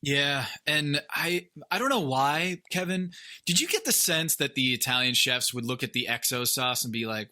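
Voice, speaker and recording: A man co-hosting a podcast, speaking in a relaxed, conversational way. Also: medium pitch, normal speed. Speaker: podcast co-host. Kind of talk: casual chat.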